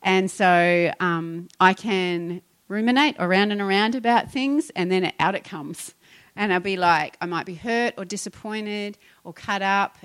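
A middle-aged woman pastor, preaching in a conversational and animated way and acting out her own complaints. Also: lowish voice. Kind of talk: sermon.

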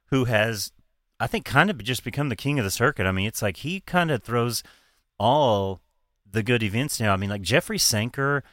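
A man's voice: medium pitch, fairly bright tone, dry recording, studio quality. A man hosting a podcast in casual chat, laughing often and swearing freely as he talks. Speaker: podcast host.

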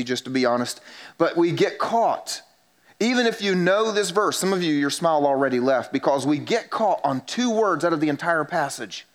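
A male pastor preaching a sermon with emphatic rises, dropping low and quiet when he voices quoted people.

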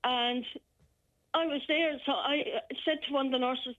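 An Irish woman phoning in, telling a frightening personal account in a halting, shaken way with many restarts. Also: sits high, steady tone, a bit bright. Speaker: caller. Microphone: telephone. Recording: muffled telephone line.

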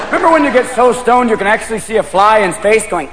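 A man doing an animated stand-up routine on a club stage, slipping into mock voices. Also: very high-pitched, fast, few pauses. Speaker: stand-up comedian. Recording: echoey hall with loud crowd and noise.

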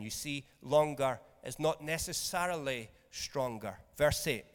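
A man's voice: medium pitch, measured pace, few pauses, long reverb tail. A man preaching a sermon in a conversational, jokey way, often checking in with his listeners. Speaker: pastor. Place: church hall.

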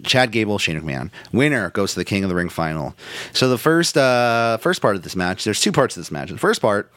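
Male podcast co-host, low voice, dry close sound, casual and profane recap. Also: very animated, a little fast, a bit bright, dry recording. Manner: loose, profane, recaps play by play. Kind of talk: casual wrestling recap chat.

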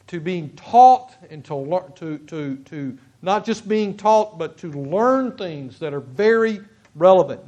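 Man pastor with a high voice, preaching a sermon in church; halting delivery, restarts and emphatic repetition. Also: a little mellow, highs cut off. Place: church sanctuary.

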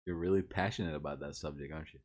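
A man's voice: extremely low pitch, rapid-fire, darkish tone. A man hosting a casual chat, teasing and laughing. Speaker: podcast host.

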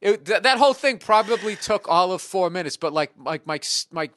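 A man who is a guest comedian, telling a profane anecdote in a casual, animated podcast chat. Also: sits high, a little fast, no echo, clean studio sound.

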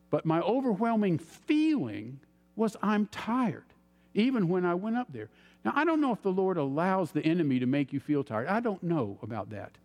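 A man preaching a sermon as an animated storyteller, acting out his own reactions. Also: high-pitched, moderate pace. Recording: long hall reverb.

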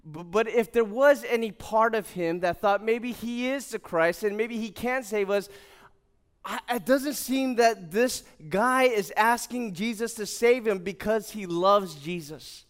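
A man's voice: sits high, measured pace. A male pastor preaching a sermon in an earnest, conversational way, quoting scripture and telling everyday stories. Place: church hall.

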